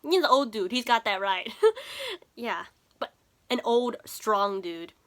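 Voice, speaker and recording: A woman's voice: on the high side, sing-song, slow, fairly bright tone. A young woman chatting casually as she recaps and reacts to an anime episode, laughing often and using lots of fillers.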